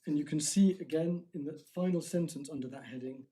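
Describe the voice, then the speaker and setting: A man arguing an appeal before judges in a courtroom, speaking formally, measured and deliberate, often restarting his phrases. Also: on the high side, dark tone.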